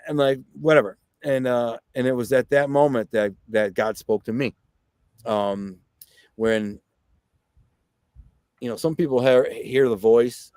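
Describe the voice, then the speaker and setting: A man's voice: medium pitch, no echo. A man guest telling a personal story in blunt, plainspoken street talk. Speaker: podcast guest.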